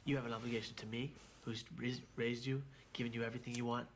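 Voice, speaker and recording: A man telling a personal story in a documentary interview, halting and repeating his words as he goes. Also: mid-range voice, level tone, background noise. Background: music.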